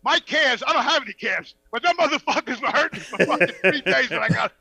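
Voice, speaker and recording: A man telling a profane, animated story on a podcast and acting out the dialogue. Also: extremely high pitch, fast, breathy edge, dry recording, poor audio. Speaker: podcast guest. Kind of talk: casual storytelling.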